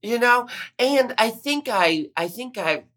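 A woman's voice: on the high side, expressive, slow pace, a bit bright. A woman hosting a podcast, chatting casually with her guest and laughing often. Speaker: podcast host. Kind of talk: casual interview chat.

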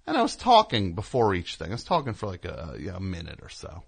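A man's voice: low voice, wildly swooping pitch, fast talker, creaky, breathy edge. A man hosting a show, telling a rambling, sarcastic, indignant story as a comedic rant. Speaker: host.

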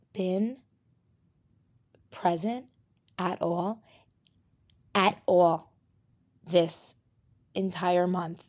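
A young woman in her twenties from New Jersey, hosting a casual solo podcast. She rants about her week in profane, animated bursts with laughter, while sick. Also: on the low side. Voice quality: profane, animated ranting with laughs and loud outbursts. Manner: drops to near-whisper while partner is downstairs. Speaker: podcast host.

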